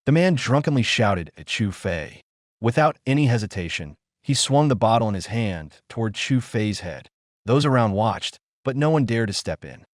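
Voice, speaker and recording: A man reads a dramatic story as scripted narration. His low voice moves with lively swings in pitch. The recording is dry and close. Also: no echo.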